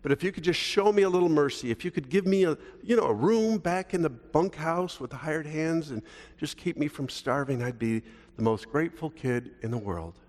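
A preacher voicing a remorseful young son. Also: male voice, a little high, expressive, moderate pace, darkish tone, close to an everyday voice. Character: remorseful young man begging his father's forgiveness. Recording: long reverb of a large hall.

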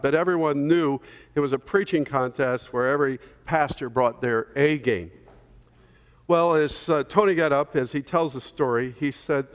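Male pastor telling a story in his sermon, kinda high voice, long echo in the church. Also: normal speed. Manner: storytelling, conversational with fillers.

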